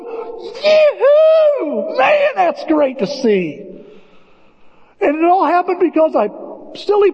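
Animated preaching man, lively voice. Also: extremely high pitch. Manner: animated, storytelling, shouting bursts of excitement. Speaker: pastor. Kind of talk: sermon. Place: church sanctuary. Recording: dull lo-fi audio with long church reverb.

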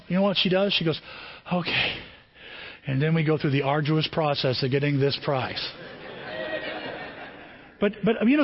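A man preaches a sermon in a high, husky voice, telling stories with animated swings and frequent restarts. The recording is dull and lo-fi. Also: moderate pace, pauses often. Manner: storytelling, animated, repeats and restarts phrases. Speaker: pastor.

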